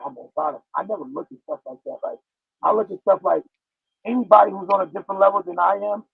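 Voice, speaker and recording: Gravelly high-voiced man on a tinny line. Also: dry recording. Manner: blunt street talk, acts out voices in stories. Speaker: podcast guest. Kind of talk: casual chat. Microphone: no headphones, sounds like phone or distant mic.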